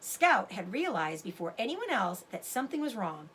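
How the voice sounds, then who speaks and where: A woman teacher reading a chapter book aloud to her students, expressive and stopping to explain words. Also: mid-range voice, normal speed, a little hiss or hum.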